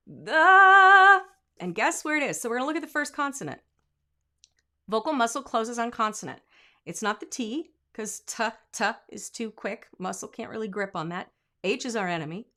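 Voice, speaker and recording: A woman vocal coach giving a singing lesson, breaking into sung example lines and dropping to quiet asides. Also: medium pitch. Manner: demonstrative, sings example lines; drops to asides and quiet comments.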